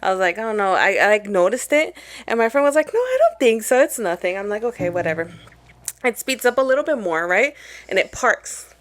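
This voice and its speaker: A woman's voice: mid-range voice, brisk. Young woman telling a casual story. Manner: relaxed, swears casually, trails off mid-sentence. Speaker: podcast co-host.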